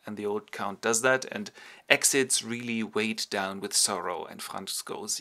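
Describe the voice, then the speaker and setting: A man's voice: fairly low pitch, measured pace, pushed and bright. A man narrating a comic summary of a classic play, with wry ironic asides. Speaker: host and narrator.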